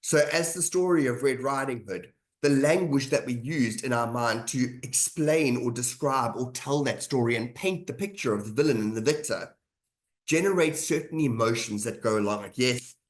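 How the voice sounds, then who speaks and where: A man's voice: medium pitch, moderate pace. Male webinar presenter, mid-range voice, chatty lecture on leadership, repeats lines to drive points home. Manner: conversational, repeats key phrases for emphasis. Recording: webinar audio.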